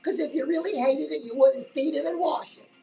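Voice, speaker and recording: A woman's voice: high voice, fairly quick, warm tone, recorded from a distance, soft background music, rough recording. A woman giving a chatty live-stream pep talk as a life coach, keeps calling the listener "girl" and saying "listen".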